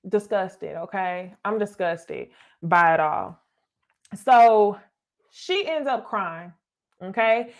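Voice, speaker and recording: A woman's voice: medium pitch, slow, creaky. A young adult woman, giving a blunt, casual recap commentary, swearing and calling her viewers y'all. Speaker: reality TV commentator.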